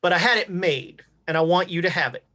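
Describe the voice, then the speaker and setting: A woman's voice: lowish voice, a little fast, fairly bright tone, lightly acted. A woman playing a shrewd old-west town founder. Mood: cordial. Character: shrewd male town founder, cordial and calculating. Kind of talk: tabletop game character voice.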